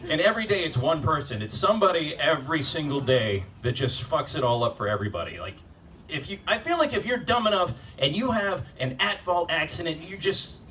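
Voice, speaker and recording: A man's voice: a little high, pushed and bright, recorded from a distance, a little hiss or hum. A man doing a stand-up comedy set in a club, ranting sardonically and profanely and firing rhetorical questions at the crowd. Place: live comedy club stage.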